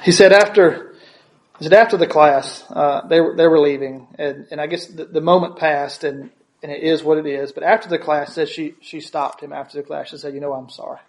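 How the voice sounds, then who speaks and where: A man gives a sermon, telling a story in his own voice. He talks in a slightly high register, often restarting his phrases and checking in with the listeners through short tag questions. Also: fairly even intonation, moderate pace. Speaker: preacher.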